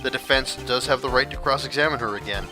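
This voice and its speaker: A man's voice: medium pitch, fast talker, sharp tone, faint music behind. A man voicing an older male courtroom judge, reading game lines in a hesitant, formal way.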